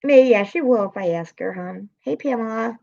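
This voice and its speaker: A woman's voice: a little high, moderate pace, vocal fry, warm tone, highs cut off. A woman live streamer, upset and swearing as she vents to her chat and greets viewers by name.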